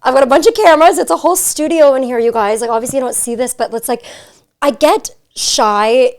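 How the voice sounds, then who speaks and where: A woman's voice: high-pitched, brisk. A young woman hosting a podcast, talking in a chatty, giggly way full of fillers, recorded in a hotel suite. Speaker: podcast host. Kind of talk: casual chat.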